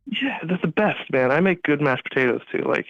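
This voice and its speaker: A man's voice: on the high side, animated, a little fast, lo-fi sound, faint music behind. A man calling in to a show, chatting in a friendly, hesitant way with many fillers. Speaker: caller. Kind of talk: casual phone chat.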